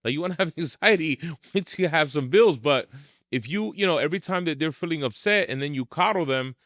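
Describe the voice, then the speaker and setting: A man's voice: on the high side, expressive, fairly quick, a bit bright, no room sound, clean studio sound. Blunt, emphatic New man. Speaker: martial arts academy owner, guest. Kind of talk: podcast interview.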